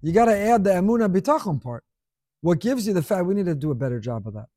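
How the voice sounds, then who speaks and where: Man preaching to a room, high pitch, dry close sound, lively and repetitive delivery. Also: quick pace, dry recording. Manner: animated, rhetorical questions, repeats phrases for emphasis. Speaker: rabbi giving a class. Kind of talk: sermon. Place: room with an audience.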